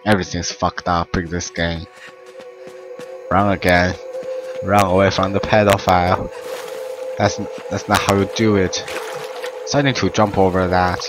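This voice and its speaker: Young man, low voice, slow talker, excitable gaming commentary, game music behind. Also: poor audio. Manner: excitable, swears, broken English. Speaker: gameplay commentator. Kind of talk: let's play commentary.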